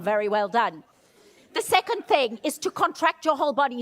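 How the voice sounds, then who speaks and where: A woman's voice: fairly high pitch, sing-song, moderate pace. A woman giving a motivational keynote talk in an auditorium, leading the audience through vocal exercises. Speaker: keynote speaker. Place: auditorium stage.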